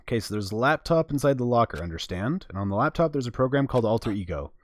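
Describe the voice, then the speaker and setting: A man streaming a visual novel, reading the narration aloud in a casual, animated way. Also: medium pitch, fast talker, no room sound. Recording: faint background game music.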